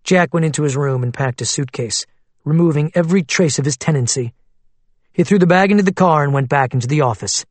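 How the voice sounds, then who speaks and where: A man narrating a thriller audiobook in a steady, matter-of-fact way. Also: on the high side, fairly quick, no room sound. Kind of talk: scripted narration.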